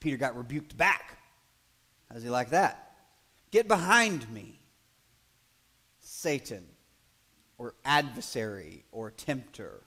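A man preaching a sermon in a conversational way, building to loud, emphatic passages and acting out quoted voices. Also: mid-range voice, lively intonation, slow pace, long pauses. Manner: acts out quoted voices in asides. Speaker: pastor.

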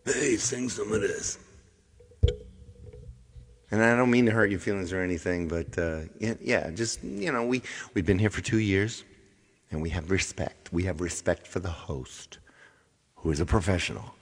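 A man's voice: sits low, moderate pace. A middle-aged man hosting a casual livestream, chatting to viewers and scolding them in mock sternness, with many restarts. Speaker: livestream host and singer.

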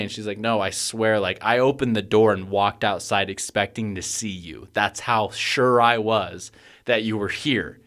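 Podcast co-host, young adult man, lowish voice, profane and animated storyteller. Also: unhurried. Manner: swears freely, gets loud and worked up when retelling panic. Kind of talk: casual storytelling chat.

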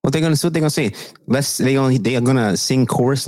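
A man's voice: medium pitch, fast, no echo. Male co-host, casual and profane, mid-range voice, tight dry mic sound. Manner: profane, animated storytelling. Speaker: podcast co-host. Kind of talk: casual chat.

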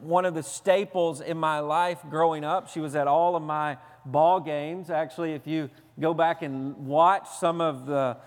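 Pastor from the American South, male, high voice, earnest storytelling sermon, long echo of a church hall. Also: fairly even intonation, unhurried, hardly any pauses. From Southern United States. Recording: long reverb of a large hall.

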